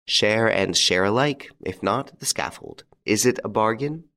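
A man reading the lines of a bold, mocking gentleman thief in an audiobook, with a jaunty, theatrical, taunting manner. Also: lowish voice, unhurried, creaky. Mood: menacing.

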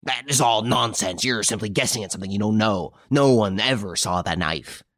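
A man's voice: on the low side, brisk, fairly bright tone, no room sound, clean studio sound, close to an everyday voice. A man reading an audiobook, voicing a frightened, cornered servant who stammers fearfully as he defends himself. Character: frightened, cornered young male servant accused of murder.

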